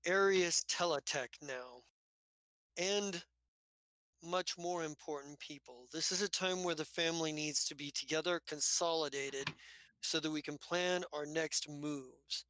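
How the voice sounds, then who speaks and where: A man's voice: a little high, a little slow, bright, forceful tone, no room sound, rough recording. A man doing a stern, condescending businessman dad. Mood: scolding. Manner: lecturing, condescending. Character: stern middle-aged businessman father, dismissive.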